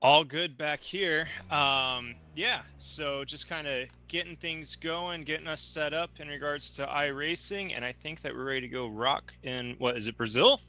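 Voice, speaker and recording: A man from the stream's support crew, chatting casually and relaxed with the host. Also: fairly high pitch, normal speed, few pauses.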